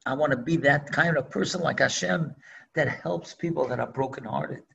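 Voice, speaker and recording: A man's voice: on the high side, moderate pace, gravelly, pushed and bright, highs cut off. An older man, a rabbi, preaching earnestly and telling a story, with Hebrew phrases woven in. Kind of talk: sermon with storytelling.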